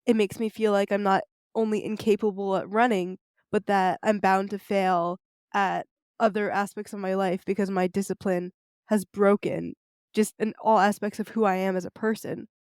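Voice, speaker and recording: A woman's voice: medium pitch, a little mellow, smooth, no room sound, clean studio sound. A teenage girl hosting a podcast, talking earnestly and reflectively, with frequent "like" fillers. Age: teens. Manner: earnest, reflective, says "like" often. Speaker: podcast host. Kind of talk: interview conversation.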